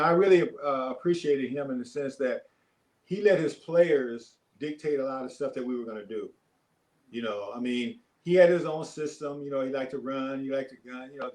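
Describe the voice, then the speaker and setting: An older man, a former basketball player, telling stories as a podcast guest in a relaxed, rambling way with many fillers. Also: mid-range voice, normal speed, rough recording. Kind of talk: casual storytelling.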